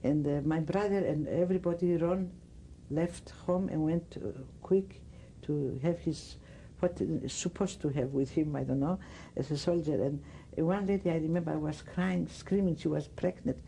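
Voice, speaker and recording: An older woman with a Greek accent, giving oral history testimony in halting speech, often searching for words. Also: low voice, vocal fry, mellow, slight background noise, poor audio. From Greece. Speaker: interviewee.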